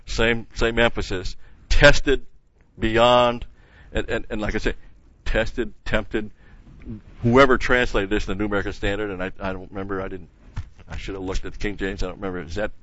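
A man's voice: lowish voice, a bit bright, lo-fi sound. An older man teaching a Bible passage verse by verse in a conversational way, stopping to correct himself and leaning hard on key words.

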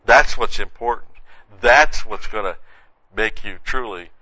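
A male preacher teaching through a Bible passage verse by verse, his lowish voice bright and sharp-edged. He keeps it conversational, tossing in "see" and "you know" as he goes. The recording is dry and dull, like an old lo-fi tape. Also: unhurried, no echo. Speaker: pastor. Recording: dull, muffled lo-fi sound.

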